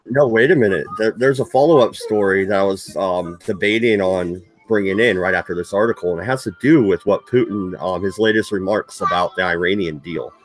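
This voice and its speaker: A man's voice: deep voice, fairly quick, few pauses. A man hosting a casual political talk stream, reading news aloud and breaking into sarcastic, profane rants. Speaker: host.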